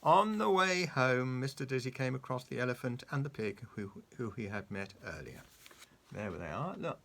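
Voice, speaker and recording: Man reading a story to a kid, lively, gravelly, bright tone. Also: mid-range voice, moderate pace, slight background noise. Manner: animated, coaxing, asks the child questions. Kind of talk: reading a children's story aloud.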